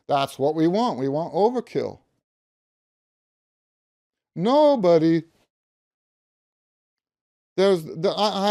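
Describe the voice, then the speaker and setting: A music teacher in his fifties, his voice high-pitched and dark, teaches a practice method in a talk to camera. His delivery is emphatic: key words get stressed and repeated, and he hums the note syllables.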